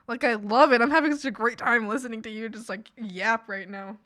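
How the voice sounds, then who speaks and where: A woman's voice: a little high, fairly even intonation, a little fast, fairly bright tone, dry recording, studio quality. A young woman streamer telling rambling stories about her coworkers in casual chat, giggling often and quoting people in her own voice.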